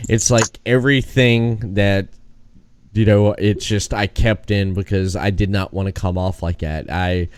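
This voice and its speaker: A man hosting a casual podcast, with a low voice recorded close and dry. He wanders through his stories, restarting his sentences as he goes. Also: steady tone, a little slow, clear, resonant tone, no echo. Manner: rambling anecdotes with restarts. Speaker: podcast host. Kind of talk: casual chat.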